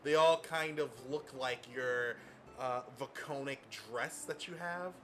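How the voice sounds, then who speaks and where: A man's voice: mid-range voice, a little slow, a bit bright, a little hiss or hum. A man narrating as game master in a tabletop game, describing scenes casually with many fillers.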